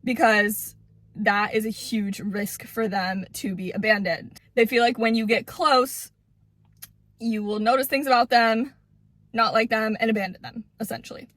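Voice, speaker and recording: A woman's voice: on the high side, fairly even intonation, measured pace, fairly bright tone, no room sound. A woman giving casual relationship advice to camera, blunt and emphatic, swearing freely and repeating words for stress.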